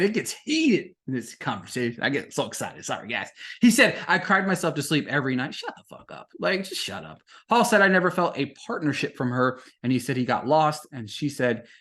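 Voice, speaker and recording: A young man talks casually as a podcast host, running through a reality show episode. His voice sits at an ordinary middle pitch. He keeps jumping into animated, excited outbursts and quick laughs between plain retelling. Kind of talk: casual recap chat.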